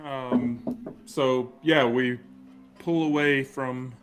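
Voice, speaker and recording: A man's voice: mid-range voice, fairly even intonation, drawn-out words, over music. A man playing a tabletop game, talking in a laid-back way. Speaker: player. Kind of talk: tabletop role-play.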